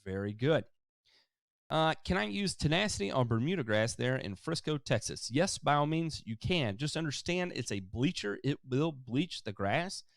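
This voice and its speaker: A man's voice: a little high, moderate pace, gravelly, no echo, studio quality. A man hosting a live-stream lawn care help desk, casually reading viewer questions and answering them at length with many fillers. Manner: relaxed, explanatory, many fillers.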